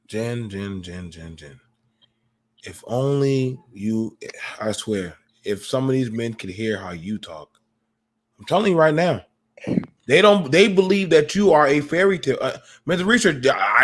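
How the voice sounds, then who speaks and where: A man hosting a casual call-in podcast, telling personal stories in a lively, preachy way with slang. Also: mid-range voice, normal speed. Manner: animated, preachy storytelling with slang. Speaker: podcast host.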